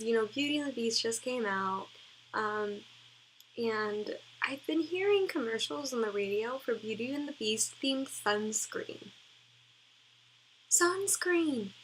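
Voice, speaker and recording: Young woman, casual vlog chat, giggly, rambling, lots of "like", slightly high voice, faint background hiss. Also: low-quality recording. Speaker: cosplay vlogger. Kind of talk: casual chat reacting to old posts.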